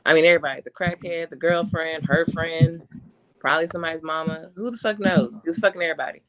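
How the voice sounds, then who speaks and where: A woman's voice: deep voice, fast. A woman co-hosting a casual podcast, blunt and profane, telling stories with animation. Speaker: podcast co-host. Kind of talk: casual group podcast chat. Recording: loud noise on remote call.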